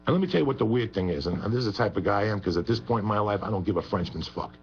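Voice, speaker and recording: Fast, gravelly, foul-mouthed man. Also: on the low side, animated. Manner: rambling, profane, emphatic. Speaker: guest. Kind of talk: heated profane talk radio chat. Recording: muffled radio broadcast with faint hum.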